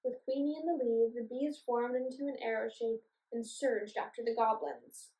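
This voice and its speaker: A woman reading a children's storybook aloud in a clear, expressive way. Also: a little high, normal speed. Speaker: storybook reader. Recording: echoey room, voice from a distance.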